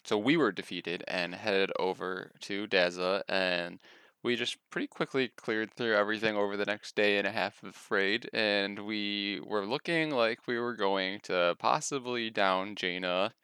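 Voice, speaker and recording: A man's voice: fairly low pitch, unhurried, sharp tone, clear, resonant tone, dry recording. A man co-hosting a gaming podcast, speaking in a matter-of-fact, dry way. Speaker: podcast co-host. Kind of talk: casual chat.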